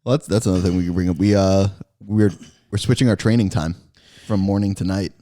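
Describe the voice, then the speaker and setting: A man's voice: low-pitched, fairly even intonation, quick pace, dark tone. Laid-back young co-host, a man. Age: 20s. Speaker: podcast co-host. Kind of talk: casual podcast chat.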